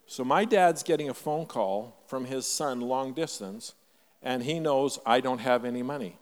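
Older Canadian preacher in an echoing hall. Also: male voice, medium pitch, normal speed. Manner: storytelling, emphatic, varies loudness widely. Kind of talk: sermon. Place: church.

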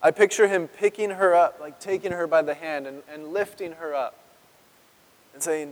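A man preaching a sermon as pastor, earnest and emotional, with dramatic pauses and drops to a hush on key words. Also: fairly high pitch, fairly even intonation, a little hiss or hum. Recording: long reverb of a large hall.

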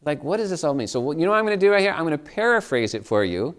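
A man's voice: a little high, very animated, rapid-fire. A man preaching a sermon as a pastor, telling stories in a conversational way and asking his listeners questions.

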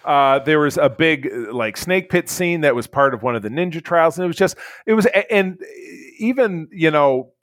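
A man's voice: a little high, lively intonation, moderate pace, hardly any pauses, a bit bright, no echo. A man co-hosting a casual chat, reviewing a movie in a blunt, rambling way with lots of fillers and restarts. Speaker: podcast co-host, movie reviewer.

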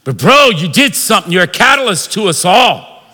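Bright high-voiced preaching pastor. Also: male voice, big pitch swings, moderate pace. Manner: preaching with call-and-response, rising to shouts. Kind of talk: sermon. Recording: long reverb of a large hall.

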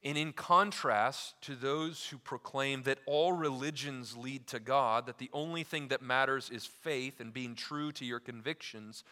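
A man preaching a sermon, swinging from loud emphasis to hushed, deliberate lines, with casual asides full of fillers. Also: mid-range voice, big-room sound. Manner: emphatic preaching with wide swings in loudness, dropping to near-quiet for key lines. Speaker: pastor.

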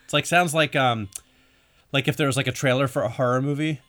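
A man's voice: mid-range voice, steady tone, fairly quick, fairly bright tone, no room sound. A man co-hosting a podcast, chatting easily and laughing often. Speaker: podcast co-host. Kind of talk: casual podcast chat.

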